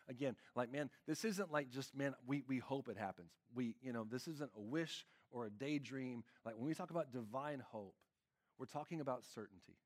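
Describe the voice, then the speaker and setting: A man's voice: medium pitch, normal speed. A man preaching a conversational sermon as lead pastor, casual and earnest, peppering his talk with fillers.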